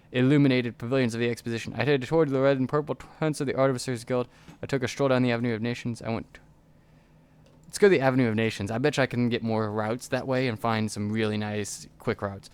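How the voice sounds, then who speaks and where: A man reading a text adventure game aloud as a let's player, going quickly and often stumbling over words. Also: medium pitch, darkish tone, clean tone. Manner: reads quickly with frequent stumbles.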